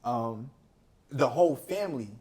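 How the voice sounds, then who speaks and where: A young man, a podcast guest, chatting casually and telling a personal story with lively slang. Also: medium pitch, a little slow. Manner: animated storytelling with slang, acting out quoted people. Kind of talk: casual chat.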